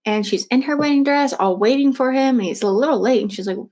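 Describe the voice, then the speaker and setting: A woman's voice: sits high, quick pace, a little mellow. A woman casually retelling a true crime story, chatty, with lots of fillers and restarts.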